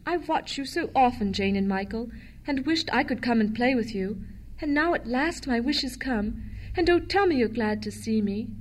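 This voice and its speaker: A woman's voice: on the high side, animated, normal speed, rough recording. A woman voicing a lonely, impish boy statue come to life, eager and pleading.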